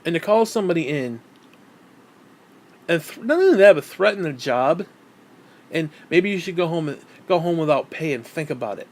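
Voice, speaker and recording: A man's voice: on the high side, very animated, normal speed, long pauses. A man ranting angrily on camera, hostile and swearing constantly. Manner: hostile, heavily profane. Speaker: vlogger. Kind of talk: angry personal rant.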